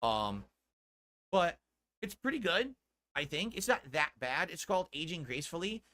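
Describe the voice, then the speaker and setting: Bright-voiced middle-aged man ranting on stream. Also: a little high, sing-song, moderate pace. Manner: defensive, ranting, swears often. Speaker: streamer in a played clip. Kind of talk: casual stream talk.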